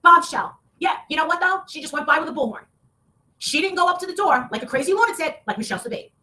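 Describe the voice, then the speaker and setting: A woman talking in a heated, casual rant, swearing often and breaking into loud outbursts. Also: very high voice, expressive, fast talker. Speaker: online show guest.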